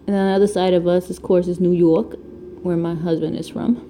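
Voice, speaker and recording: Diamond painting at home, this crafting vlogger from Connecticut, a woman around thirty with the local accent, rambles and chats casually, laughing often, picked up by her camera mic. Her voice sits on the low side with a level, dark tone, a little fast, and there's slight hiss or hum.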